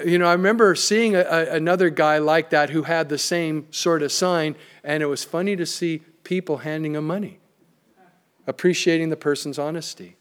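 A pastor preaching a sermon, emphatic and plain-spoken, with joking asides. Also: male voice, fairly high pitch, clean tone.

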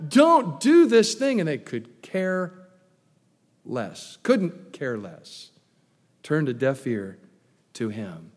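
A pastor preaching a sermon, animated, loudly acting out the lines he quotes. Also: medium pitch. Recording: long hall reverb.

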